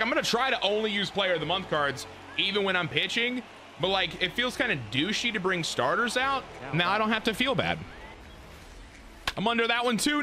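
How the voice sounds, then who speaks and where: A man giving live gameplay commentary, excitable and full of profane trash talk. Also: high-pitched, slight background noise. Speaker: gaming YouTuber.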